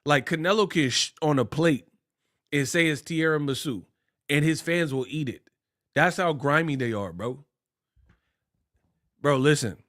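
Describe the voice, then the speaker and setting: A man's voice: a little high, a little slow, long pauses. Slangy Bay man ranting on boxing. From Bay Area, California. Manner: animated, slangy and mocking, puts on voices for quotes. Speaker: boxing commentator. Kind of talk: casual ranting commentary.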